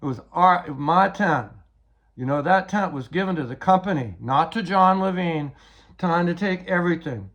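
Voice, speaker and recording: A man's voice: a little high, lively intonation, moderate pace, dull audio. An older man giving a rambling, agitated personal account, often repeating words as he retells events.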